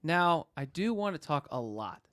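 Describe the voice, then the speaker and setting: A man hosting a casual podcast, talking upbeat and energetic about the show. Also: a little high, moderate pace, dry recording, clean studio sound. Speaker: podcast host.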